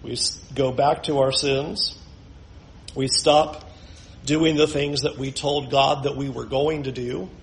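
A male pastor preaching a conversational sermon, moving between hushed asides and emphatic points. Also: mid-range voice, level tone, slow, creaky, a little hiss or hum, poor audio.

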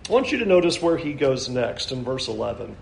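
A man preaching a sermon, earnest, reading scripture slowly and stressing key lines. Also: mid-range voice, sing-song, gravelly, roomy sound, a little hiss or hum, poor audio. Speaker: pastor.

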